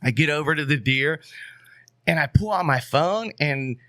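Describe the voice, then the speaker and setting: Animated man telling a story on a dry mic. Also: a little high, normal speed, dry recording. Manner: animated, swears freely, leans on "you know what I mean". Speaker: podcast guest. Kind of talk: casual storytelling.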